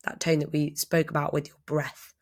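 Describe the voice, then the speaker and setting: A woman speaking as a voice and presentation coach, calm and measured as she explains. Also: low-pitched. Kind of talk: instructional explainer.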